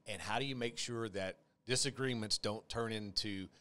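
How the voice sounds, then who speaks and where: A man's voice: fairly low pitch, normal speed, pushed and bright. A man co-hosting a faith-based podcast, talking in a rambling, joking, self-deprecating way with fillers. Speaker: podcast co-host. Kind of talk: casual chat.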